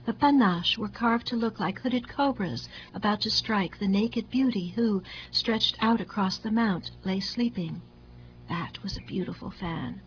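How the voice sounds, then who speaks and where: A woman narrating a literary story in a measured, wry and deliberate way. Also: mid-range voice, dull audio, a little hiss or hum.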